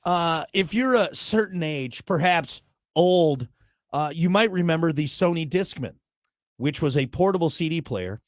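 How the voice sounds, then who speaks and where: A man's voice: on the high side, expressive, unhurried, no echo, studio quality. A man hosting a talk show, delivering a blunt, worked-up monologue with jokey asides. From United States. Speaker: show host.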